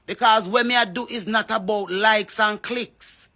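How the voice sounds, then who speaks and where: A woman's voice: medium pitch, steady tone, measured pace, pushed and bright. A Jamaican woman giving an impassioned address to her audience, calling people out by name and mixing patois into her English. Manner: fervent, calls out names, mixes patois with English. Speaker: reggae artist speaking out. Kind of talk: impassioned social media address.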